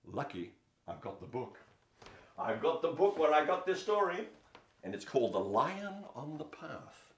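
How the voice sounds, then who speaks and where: A man's voice: fairly high pitch, unhurried, roomy sound. A man telling a story to children, inviting them to join in with sounds and moves. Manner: animated, invites the audience to join in.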